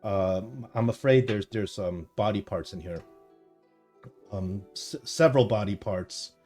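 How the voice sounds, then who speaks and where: A man voicing a grizzled guard captain who speaks low and hesitantly. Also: flat delivery, normal speed, warm tone, soft background music, natural voice. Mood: hushed.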